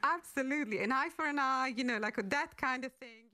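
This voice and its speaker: A woman's voice: sits high, a little fast, sharp tone. A woman expert explaining a subject in a radio interview, hesitant and full of "you know, like". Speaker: guest expert.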